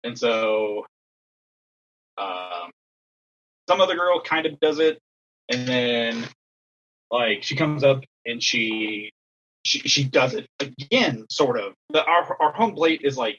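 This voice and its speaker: A man's voice: mid-range voice, fairly bright tone, breathy edge, highs cut off. A young man telling a rambling story in a casual podcast chat, full of fillers and acted-out quotes. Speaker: podcast co-host and assistant softball coach.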